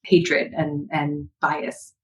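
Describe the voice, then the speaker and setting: Woman from california, lowish voice, animated storyteller, roomy echo. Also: drawn-out words. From Berkeley, California. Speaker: guest, executive coach. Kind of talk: storytelling in a podcast interview.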